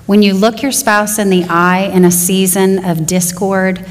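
A woman preaching a sermon to women, earnest, slowing down to stress key phrases. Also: medium pitch, little pitch movement, big-room sound. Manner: earnest, varied pace with slow emphatic phrases. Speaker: women's Bible teacher.

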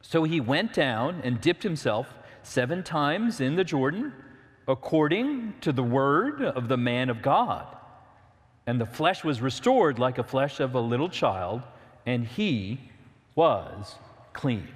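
A man's voice: mid-range voice, very animated, slow pace. Man preaching a sermon, earnest, lots of questions to the crowd, long hall reverb. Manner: earnest preaching, rhetorical questions, reads scripture aloud. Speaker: pastor.

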